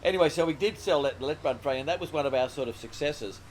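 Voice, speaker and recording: A little hiss or hum sits under a quick, somewhat high male voice with an Australian accent. The speaker, a comedy writer and producer in his sixties, is being interviewed conversationally and tells wandering anecdotes, restarting frequently.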